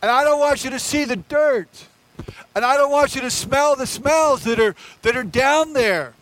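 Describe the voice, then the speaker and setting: A man's voice: very high voice, normal speed, a bit bright, a little hiss or hum, poor audio. A male pastor voicing the apostle Peter as a stubborn, passionate man who protests emphatically, within a sermon. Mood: pleading.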